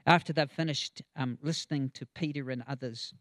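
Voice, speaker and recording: A man's voice: mid-range voice, fairly even intonation, normal speed, fairly bright tone, dry recording, studio quality. A man preaching a conversational sermon, with chatty asides, chuckles and frequent ums.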